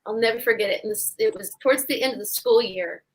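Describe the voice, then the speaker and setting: A woman with a somewhat high voice tells a stage story with animation. She acts out the voices of the people in her anecdote, chatting the way performers do in a live online talk. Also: fast, a little hiss or hum, low-quality recording. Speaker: stage actress.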